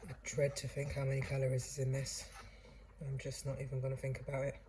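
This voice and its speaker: A woman's voice: a bass voice, monotone, fast, mellow, a little hiss or hum, poor audio. A woman hosting a casual cooking demonstration, chatting to viewers in a chatty, self-deprecating way. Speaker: cooking channel host. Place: kitchen away from home.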